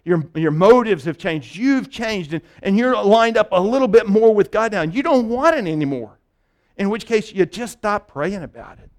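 A male pastor preaching a conversational sermon, often restarting phrases and checking in with "right?". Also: high-pitched.

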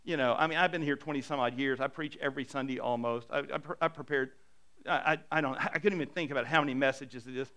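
A middle-aged man preaching a sermon as a pastor, animated and self-deprecating, swinging between hushed and loud. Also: mid-range voice, quick pace.

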